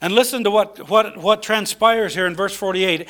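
A man's voice: sits high, a little fast, hardly any pauses, a bit bright. A man preaching a sermon in a conversational way, with many fillers and restarts.

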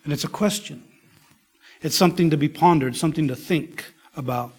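A man preaching a sermon in a slow, emphatic way, dropping at times to a soft whisper. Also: a little high, slightly rough. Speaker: pastor.

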